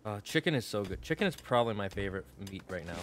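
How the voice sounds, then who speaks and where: A man's voice: lowish voice, lively intonation, fast talker, slight background noise. A man chatting playfully with his viewers while streaming a game. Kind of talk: casual live-stream chat while gaming.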